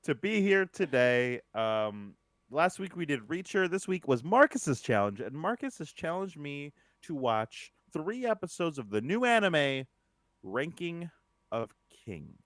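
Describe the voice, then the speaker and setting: An upbeat male podcast co-host with a slightly high voice, teasing his partner and pushing listeners toward reviews. He sits close to a dry-sounding mic. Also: very animated, measured pace, fairly bright tone, no echo. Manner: upbeat and teasing, does the show plugs. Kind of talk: casual podcast chat.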